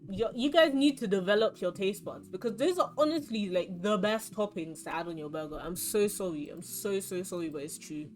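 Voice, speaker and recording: Young london girl streaming a card game, chatty and rambly, bit of music under her. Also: mid-range voice. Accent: London English. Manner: chatty, rambling, animated storytelling. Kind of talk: casual chat while playing a card game.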